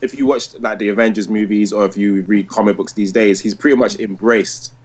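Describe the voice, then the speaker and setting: A man's voice: fairly low pitch, steady tone, fairly quick, a little mellow. A man in his thirties hosting a casual podcast, talking with enthusiasm and rambling through many restarts and likes. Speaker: podcast host. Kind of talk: casual podcast review chat.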